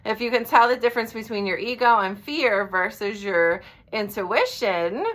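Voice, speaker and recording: A woman's voice: medium pitch, normal speed, a bit bright. A woman life coach giving an earnest talk, checking in with listeners after each point and swearing now and then. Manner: blunt, swears casually. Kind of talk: direct-to-camera coaching talk.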